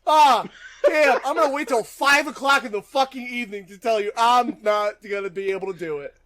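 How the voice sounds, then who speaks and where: A man's voice: very high voice, brisk, fairly bright tone, voice pushed up. A man doing a mocking impression of his co-host as a whiny, self-pitying podcaster who keeps backing out. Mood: mocking whine. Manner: mocking, complaining whine.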